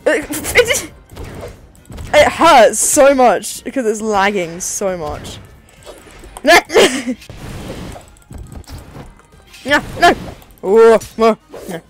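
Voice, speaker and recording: A woman giving live commentary over her own gameplay, excitable and complaining as she plays. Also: on the high side, extremely slow, long pauses, faint music behind. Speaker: gaming video creator.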